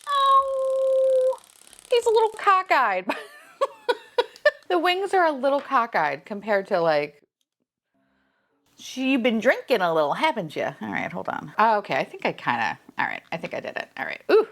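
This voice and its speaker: Excitable swearing woman unboxing toys. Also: medium pitch, moderate pace, pauses often. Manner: excitable, swearing, squealing and laughing often. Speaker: vlogger unboxing collectibles. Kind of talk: casual unboxing chat.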